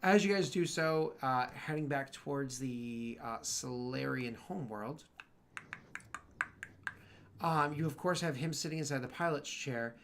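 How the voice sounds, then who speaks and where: A hoarse male game master narrating a tabletop role-playing game at a mid-range pitch. His voice cracks a little, and he rambles on with plenty of fillers. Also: unhurried, a bit bright, slight background noise.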